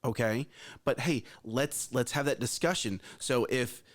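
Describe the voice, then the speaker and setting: A man's voice: mid-range voice, a little slow. A man co-hosting a casual morning talk show, speaking emphatically and repeating his points. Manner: emphatic, repeats phrases, advice-giving. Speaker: co-host.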